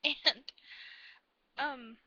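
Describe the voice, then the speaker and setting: A woman telling a story in a casual vlog, rambling and gushing like an excited fan. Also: high-pitched, very slow, no echo, lo-fi sound. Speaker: vlogger.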